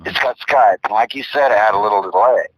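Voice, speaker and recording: A man's voice: on the low side, quick pace, dry recording, poor audio. An older man telling long, rambling stories in casual chat as co-host, often repeating himself.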